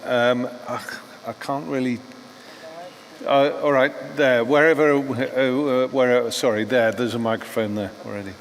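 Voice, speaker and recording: A man moderating a panel discussion in a conference hall, directing it in a brisk way. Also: medium pitch, fairly even intonation. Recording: echoey hall with faint background noise.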